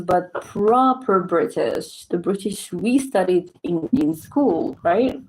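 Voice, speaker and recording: A woman's voice: fairly high pitch, warm tone, low-quality recording. Young woman, Moroccan accent, casual vlog chat, laughs often, stretches her words. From southern Morocco. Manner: chatty, laughs often, drawn-out phrasing. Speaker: vlogger.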